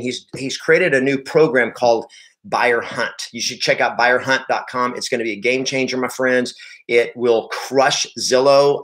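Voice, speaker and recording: Emphatic man coaching sales agents. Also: mid-range voice. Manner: emphatic and energetic, repeats key phrases; addresses the audience directly. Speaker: real estate sales coach. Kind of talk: live motivational sales training.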